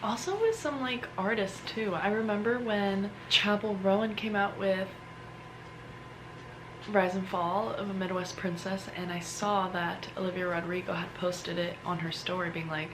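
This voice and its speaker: A woman's voice: medium pitch, fairly even intonation, moderate pace. A young woman vlogging casually at home, chatty and self-deprecating, trailing off mid-sentence. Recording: noisy home recording.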